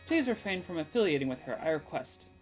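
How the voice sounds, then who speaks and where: A woman's voice: deep voice, very animated, fast talker, over music. A woman voicing a cold, stern woman spirit medium who speaks in a stiff, formal, haughty way, reading game dialogue. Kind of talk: game dialogue read aloud.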